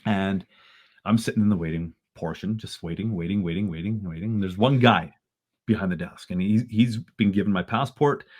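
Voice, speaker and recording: Animated Canadian man telling a story. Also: lowish voice, normal speed, slightly rough. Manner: animated, rising into excited bursts. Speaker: guest. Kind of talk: storytelling in a podcast conversation.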